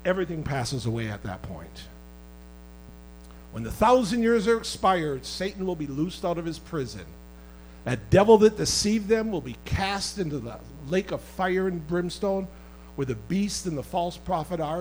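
Male pastor, fairly high voice, preaching with big swings from loud to hushed, faint music behind. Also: expressive, normal speed, low-quality recording. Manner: impassioned, swings between loud outbursts and quiet asides; conversational, teasing the congregation. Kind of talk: sermon.

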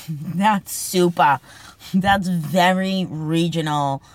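A woman's voice: fairly low pitch, lively intonation, takes it slowly, long pauses, no echo. A woman with a Boston accent hosting a casual, comedic podcast monologue, brash and profane in a joking, tough-talking way. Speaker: podcast host.

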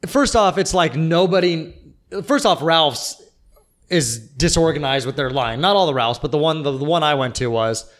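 A man's voice: a little high, lively intonation, normal speed, a bit bright. A young man chatting casually on a podcast, venting and rambling with lots of fillers. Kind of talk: casual chat.

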